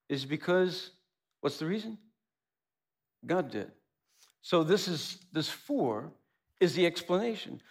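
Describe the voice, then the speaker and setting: A man preaching a sermon, animated, asking rhetorical questions and acting out little dialogues. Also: a little high. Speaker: pastor.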